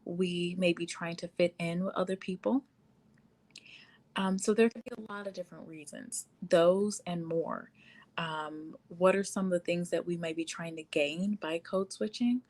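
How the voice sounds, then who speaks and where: Running a relaxed live stream, a woman talks on and on in a fairly low, darkish voice, keeping a steady tone and moderate pace. She laughs a lot, leans on fillers, and reads out comments from viewers.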